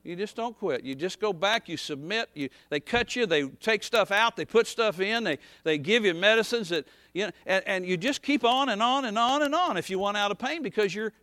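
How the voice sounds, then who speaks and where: A man preaching a folksy, rambling sermon as pastor, dropping to soft asides and rising to shouts. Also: high voice, animated, fairly quick, few pauses, no room sound.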